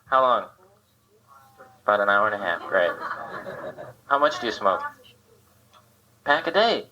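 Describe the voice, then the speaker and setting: Brief: male stand-up, self-mocking, lively up-and-down delivery, old lo-fi club tape. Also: on the low side, normal speed. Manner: self-deprecating, chatting with the crowd. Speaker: stand-up comedian. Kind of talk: stand-up set. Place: comedy club stage. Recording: dull, noisy live club tape.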